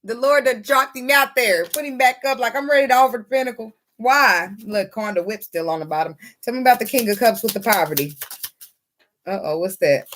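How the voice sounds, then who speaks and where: A woman giving a casual tarot reading, excitable and quick to laugh, swearing freely as she talks. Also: mid-range voice, slight background noise. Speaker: tarot reader.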